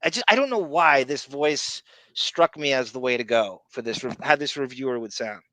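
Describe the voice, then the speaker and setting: A male podcast host talking in a rambling, profane, excitable way. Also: medium pitch, normal speed, no room sound. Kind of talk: casual podcast chat.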